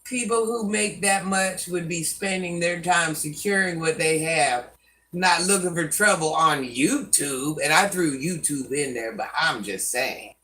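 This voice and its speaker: A woman's voice: sits low, a little slow, sharp tone, recorded from a distance, poor audio. An older woman hosting a live stream, scolding commenters by name and chatting with viewers. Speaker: livestream host.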